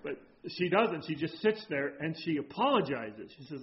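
High-voiced preaching man, dull recording. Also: moderate pace, few pauses. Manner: storytelling, animated, rising to emphatic preaching. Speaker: pastor. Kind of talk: sermon with personal story.

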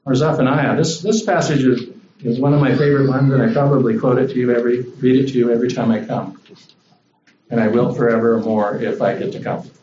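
A man preaching a sermon to a congregation as a visiting speaker, in a relaxed, conversational way that rises when he voices the lines he quotes. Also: mid-range voice, fairly quick, echoey room, far from the mic, lo-fi sound, slight background noise. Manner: conversational, animated when voicing God. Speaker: guest preacher.

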